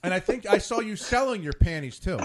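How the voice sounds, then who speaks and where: A man's voice: sits high, expressive, a little fast, a crowd in the background. A man hosting a casual late-night talk show, rambling off on tangents with many restarts. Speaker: podcast host.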